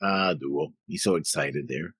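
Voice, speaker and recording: A man's voice: rumbling low, unhurried, fairly bright tone, slightly rough, no echo. A man co-hosting an anime reaction show, chatting casually and reading episode notes in a rambling, jokey, stumbling way.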